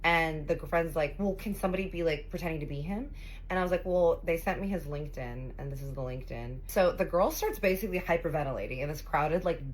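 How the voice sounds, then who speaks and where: Young woman, low voice, chatty storytime, dramatic retelling with swearing. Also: slight background noise. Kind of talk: casual storytime.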